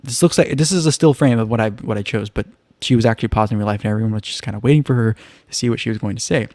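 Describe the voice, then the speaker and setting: A man with a lowish voice talks at a racing pace, with no room sound, while hosting a casual live-streamed reality show recap. He's chatty and loose, leaning on "kind of" and "like," telling it in a relaxed way with wry asides.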